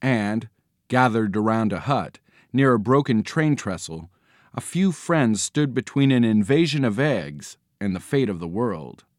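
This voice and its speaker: A man reading a children's storybook aloud in a studio, in an expressive, playful storytelling manner. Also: on the low side, measured pace, no room sound. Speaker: audiobook reader. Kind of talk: storybook narration. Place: recording studio.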